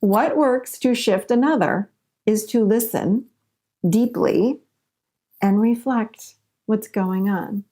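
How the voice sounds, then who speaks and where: A woman's voice: medium pitch, warm tone. A woman coaching listeners on relationships in an earnest teaching monologue, repeating points for emphasis and acting out sample dialogues.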